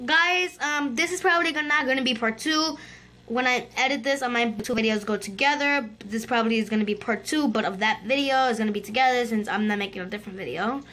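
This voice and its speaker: A woman hosting a gaming channel, giving excitable let's-play commentary and chattering to her viewers. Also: a little high, fast.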